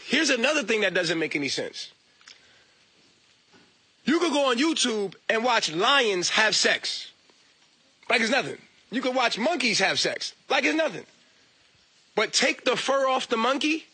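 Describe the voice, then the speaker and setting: Guy ranting, cussing, mocking, high bright voice. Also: moderate pace, long pauses, husky, no echo. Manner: profane, animated, mocking, laughs at himself. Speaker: online talker. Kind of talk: casual rant.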